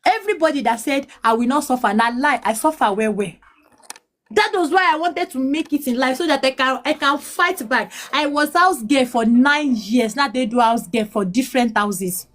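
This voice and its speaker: A Nigerian woman in her late thirties, mixing English and Pidgin, telling her life story as a mother in a pleading, halting way. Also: sits high, expressive, fairly bright tone. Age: 30s. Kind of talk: emotional personal testimony.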